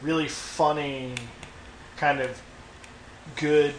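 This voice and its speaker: A man's voice: fairly high pitch, level tone, very slow, roomy sound, crowd noise, rough recording. A man co-hosting a horror review podcast, pointing out small production details in casual chat. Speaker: podcast co-host.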